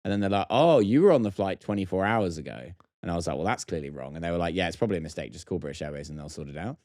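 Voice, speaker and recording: A man with a deep voice spins a long story in casual podcast chat. His pitch swings widely as he mimics the people in it and laughs along. The sound is dry and close. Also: rapid-fire, no room sound. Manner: animated storyteller, acts out other people's lines and laughs often. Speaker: podcast co-host.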